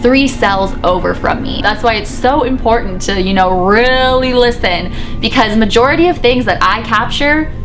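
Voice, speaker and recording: A young woman chatting excitedly in a casual vlog about a paranormal investigation, with lots of fillers. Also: on the high side, moderate pace, hardly any pauses, music in the background. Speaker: paranormal vlogger.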